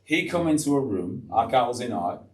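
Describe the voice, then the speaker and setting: A man's voice: mid-range voice, moderate pace. A man in his sixties, a retired teacher being interviewed, telling stories bluntly and acting out the people in them. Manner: blunt, animated, acts out quoted people. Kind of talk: casual interview storytelling. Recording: roomy, mic at a distance.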